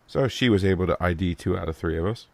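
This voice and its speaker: A man's voice: low voice, fast talker, vocal fry, no echo. A man in casual podcast chat, telling swearing, laughing stories.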